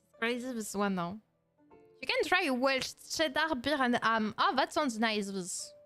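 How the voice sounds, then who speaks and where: High-voiced French woman chatting playfully. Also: lively intonation, unhurried, a bit bright, faint music behind. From France. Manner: playful, mock-indignant, laughs often, broken English phrasing. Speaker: streamer. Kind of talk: casual react-stream chat.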